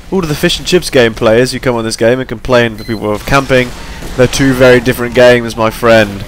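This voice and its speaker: Speaking fairly quickly with few pauses, a young man's mid-range voice narrates his gameplay against slight background noise. He's tired, yawning between points, and his commentary wanders in a chatty, self-deprecating way.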